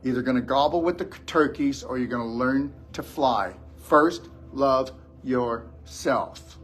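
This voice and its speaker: A man's voice: medium pitch, moderate pace, fairly bright tone, faint music behind. A man giving a blunt, scolding motivational lecture to a live audience as a wellness show host.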